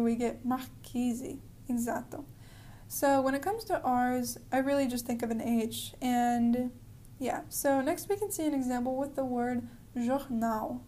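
A woman giving a pronunciation lesson in a friendly, explanatory way, slowing down to model words. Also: high voice, warm tone, a little hiss or hum. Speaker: language teacher.

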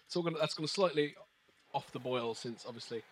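A man's voice: mid-range voice, a little hiss or hum. A man in his thirties, a beatboxer and English teacher, chatting casually on a podcast in a hesitant way with many restarts. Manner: hesitant, many restarts, reads poetry slowly and measured.

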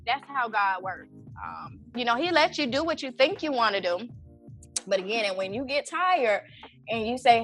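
A woman in her thirties telling a personal story in casual conversation, animated and acting out her own prayers with lots of "you know". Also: on the high side, moderate pace, faint music behind. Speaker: event organizer and guest.

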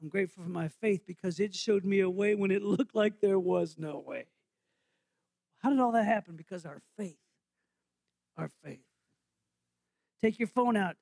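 A man's voice: sits high, normal speed, vocal fry, long pauses, a little mellow, no echo. A man preaching as interim pastor, in a playful, jokey way, quizzing his congregation during an interactive holiday sermon.

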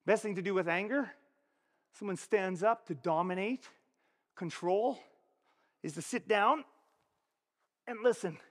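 Male pastor, pitched high, chatty sermon delivery with long hall reverb. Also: measured pace, long pauses. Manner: animated, conversational preaching with frequent rhetorical questions. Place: church.

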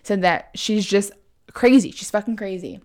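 A woman's voice: medium pitch, normal speed. A young woman casually telling a story on a chat show, swearing often, saying "like" a lot and acting out what others said. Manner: profane, fillers of "like", lively quoting.

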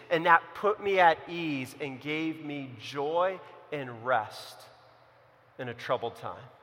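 A young man preaching a sermon, telling a personal story and swinging from loud emphasis to hushed, quiet lines. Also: sits high. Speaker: pastor. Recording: hall reverb.

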